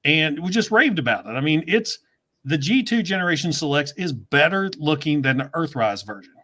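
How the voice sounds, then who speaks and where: A chatty man with a Southern US accent, hosting a loose, casual conversation. His voice sits a touch higher than most men's, and he tells his stories quickly with frequent laughs. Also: sing-song, a bit bright. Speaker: host. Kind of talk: casual livestream chat.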